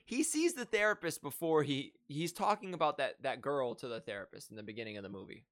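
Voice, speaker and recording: Man, podcast co-host, animated questioning, lively pitch, dry close mic. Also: no echo. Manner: animated, asks questions, halting restarts. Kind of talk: casual podcast chat about a movie.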